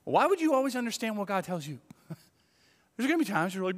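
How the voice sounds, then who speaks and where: A man preaching a sermon as a pastor, talking in a conversational, animated way and acting out inner thoughts. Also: sits high, moderate pace. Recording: long reverb of a church hall.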